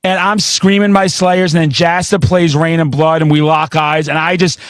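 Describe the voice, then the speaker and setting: A man in his forties hosting a casual metal chat, loud and intense, telling excitable stories with plenty of swearing. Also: a little high, normal speed, no room sound, studio quality. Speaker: podcast host.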